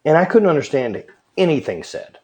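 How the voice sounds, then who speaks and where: A man's voice: on the high side, normal speed. A man from southwest Louisiana hosting a podcast, chatting casually and swearing freely. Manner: relaxed, swears a lot. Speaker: podcast host. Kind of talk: casual chat.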